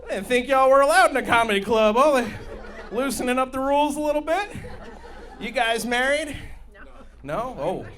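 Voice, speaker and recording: A man's voice: extremely high pitch, lively intonation, normal speed, long pauses, fairly bright tone, slight background noise. A man hosting a comedy club night, doing stand-up with rowdy, hyped crowd work. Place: comedy club stage with live audience.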